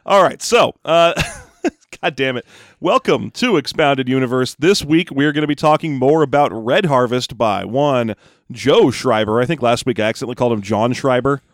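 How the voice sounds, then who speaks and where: Podcast guy cracking jokes w his cohost, dry mic, regular pitch. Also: no room sound. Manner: joking, quick, laughs often. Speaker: podcast host. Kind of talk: casual podcast banter.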